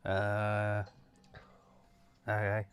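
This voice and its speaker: A man's voice: fairly low pitch, monotone, drawn-out words, clean tone. A man co-hosting a comedy film commentary, cracking dry jokes and laughing often. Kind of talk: joking movie commentary banter.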